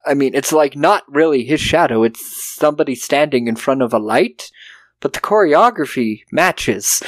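Recapping a movie on a laid-back review podcast, a male co-host jokes, curses freely and performs the characters' lines. He speaks at a normal speed with a medium pitch and lively intonation, recorded without echo.

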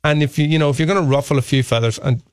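A man's voice: fairly high pitch, racing, no echo, clean studio sound. A man from Ireland with an Irish accent, co-hosting a casual talk radio show, chatty and self-mocking. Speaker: radio co-host.

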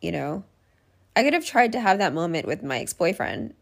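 A woman with a lowish voice and vocal fry speaks at a moderate pace, her pitch swinging widely. In this candid solo podcast monologue, she mocks herself while reasoning things out.

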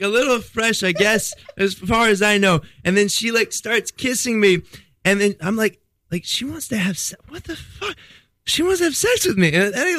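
Excitable high-voiced man telling a story. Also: no room sound. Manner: excitable, acts out dialogue, swears freely. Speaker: podcast guest telling a story. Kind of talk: casual comedic storytelling.

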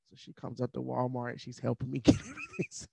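A man's voice: medium pitch, completely flat delivery, fairly quick, vocal fry, mellow, husky, no echo. A man, a podcast guest, telling a personal story in an earnest, candid conversational way, with fillers and moments of emotion.

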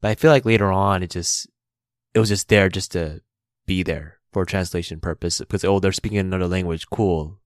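A man's voice: deep voice, steady tone, brisk, dry recording, studio quality. A man co-hosting a podcast in casual chat, rambling with many fillers and laughing often. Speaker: podcast co-host.

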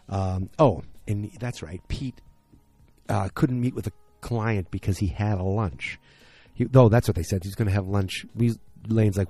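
A man's voice: fairly low pitch, unhurried, dark tone, no room sound. A tired man hosting a podcast late at night, rambling through a casual episode recap and correcting himself as he goes. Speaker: podcast host.

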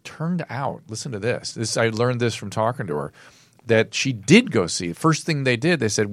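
A man's voice: medium pitch, animated, moderate pace, no echo. Earnest, emphatic male storyteller. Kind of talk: casual chat.

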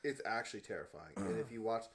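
Young male podcast co-host, animated and laughing, hiccuping through casual chat. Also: on the low side, fast. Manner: animated, laughs loudly, says bro and dude. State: has the hiccups.

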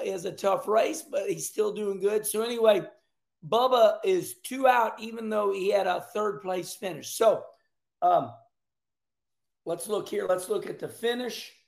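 An older man giving casual, joking commentary on a race, chatty and animated with frequent asides. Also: high voice, a little slow, gravelly. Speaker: racing commentator.

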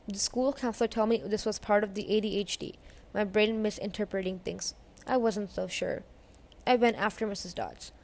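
A woman with a middle-pitched, slightly mellow voice reads a novel aloud in audiobook style. She narrates steadily, chapter by chapter, and gives the characters light voices when they speak.

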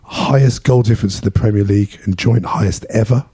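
A man hosting a casual podcast chat, hoarse after losing his voice, with a London English accent, self-deprecating. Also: fairly low pitch, a little fast, mellow, no room sound. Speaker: podcast host.

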